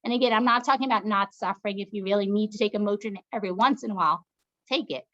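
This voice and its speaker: A woman's voice: mid-range voice, racing, fairly bright tone, lo-fi sound. A woman leading a laughter yoga session as instructor and doctor, coaxing the group along in an upbeat way with bursts of laughing and cheering.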